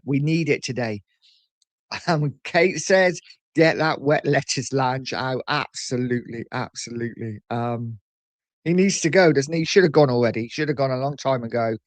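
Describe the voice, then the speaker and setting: A man hosts a casual fan live stream, reading viewer comments aloud and reacting chattily, often repeating himself. His voice is fairly high-pitched, and there's no echo.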